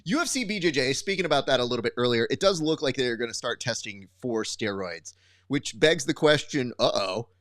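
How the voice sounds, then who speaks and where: A man co-hosting a casual grappling podcast as a coach, telling stories in an animated way and acting out the voices of the people in them. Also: mid-range voice, brisk, dry recording, clean studio sound. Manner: animated storyteller who acts out quotes.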